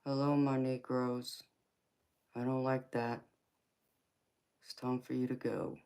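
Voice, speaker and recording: A woman's voice: extremely low pitch, little pitch movement, slow, dark tone, clear, resonant tone. A middle-aged woman with a Southern US accent, hosting a casual livestream and answering viewer comments, calling people sweetheart and honey. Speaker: tarot reader and livestream host.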